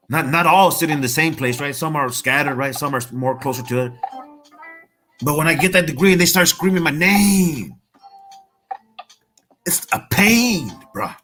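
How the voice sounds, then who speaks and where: Middle-aged man, streetwise motivational speaker, raised voice, profane and passionate, soft music bed. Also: a little high. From Salinas, California. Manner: streetwise, profane, repeats "homie" and "Holmes". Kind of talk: impassioned motivational monologue.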